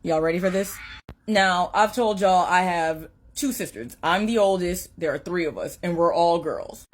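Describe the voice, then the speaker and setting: A woman speaks to her followers in a chatty, dramatic way as she builds up a story. Her voice sits on the lower side for a woman. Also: moderate pace.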